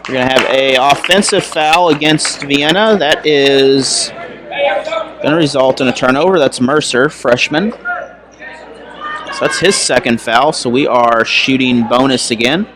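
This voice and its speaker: A young man giving casual, chatty play-by-play for a high school basketball game, now and then correcting himself. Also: unhurried, crowd noise. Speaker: play-by-play announcer. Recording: noisy gym recording.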